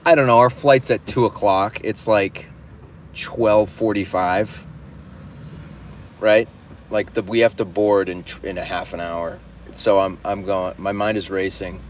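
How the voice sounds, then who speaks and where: Man on a live stream, fairly low voice, excitable storyteller who keeps restarting, faint street noise outside. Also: measured pace. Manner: animated, restless retelling with many restarts and swearing. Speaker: livestream host. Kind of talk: casual storytelling.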